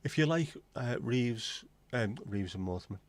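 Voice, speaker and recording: A man's voice: medium pitch, animated, moderate pace, dry recording. Blunt, rambling English man. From England. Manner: opinionated, blunt, rambling with asides. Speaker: livestream host. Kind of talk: casual chat.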